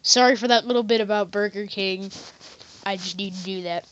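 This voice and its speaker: A woman's voice: mid-range voice, normal speed, fairly bright tone. A woman talking in a silly, rambling comedy monologue as a vlogger, often jumping into goofy voices.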